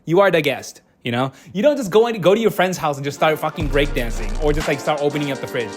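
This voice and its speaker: Blunt, ranting young man, slightly high voice. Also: expressive, fast, soft background music. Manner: blunt, exasperated ranting with many restarts. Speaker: YouTube commentator. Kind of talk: casual reaction commentary.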